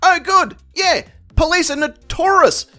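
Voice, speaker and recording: A man's voice: very high voice, lively intonation, measured pace, bright, forceful tone, faint music behind. A man giving crude, mocking commentary on a video. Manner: crude, mocking, theatrical swings. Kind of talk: profane comedic video commentary.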